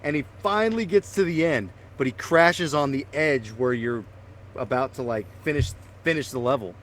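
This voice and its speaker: Male co-host, animated storyteller, mid pitch, a faint hiss behind. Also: normal speed. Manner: animated storyteller, laughs and swears. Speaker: podcast co-host. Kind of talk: casual chat.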